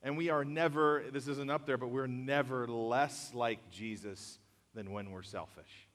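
A man's voice: mid-range voice, unhurried. A young man preaching a casual sermon to students, joking and laughing before turning earnest. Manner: jokey and animated, laughing at memes, then earnest. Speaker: youth pastor. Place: large hall or church auditorium. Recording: reverberant hall.

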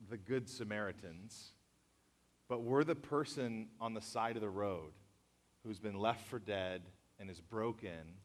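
A young man preaching a casual sermon to students, joking and laughing before turning earnest. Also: on the low side. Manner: jokey and animated, laughing at memes, then earnest. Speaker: youth pastor. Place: large hall or church auditorium. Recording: reverberant hall.

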